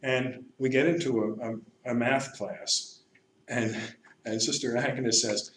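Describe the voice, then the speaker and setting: A priest giving a lecture, telling stories in a lively way and laughing at his own tales. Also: medium pitch, slow pace. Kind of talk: lecture with anecdotes. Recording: echoey lecture room, faint hum.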